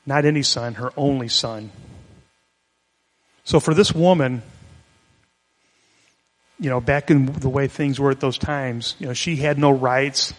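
Male pastor, conversational sermon, mid-pitched voice, long reverb of a church hall. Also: steady tone, a little slow, long pauses. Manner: conversational, explanatory, with restarts.

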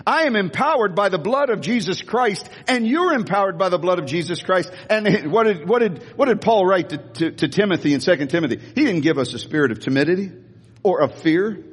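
Older man, pastor, high husky voice, animated sermon, church hall reverb. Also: brisk. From United States. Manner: animated preaching, repeats phrases, asks the congregation to respond. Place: church sanctuary.

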